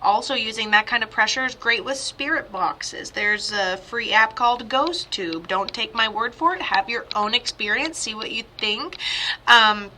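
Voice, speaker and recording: A woman working as a medium talks through a live-streamed reading, rambling and reassuring as she goes. Her voice sits a little high and sounds very bright. She speaks as if into a phone or webcam at home. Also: normal speed, slight background noise. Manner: chatty, rambling, soothing reassurance.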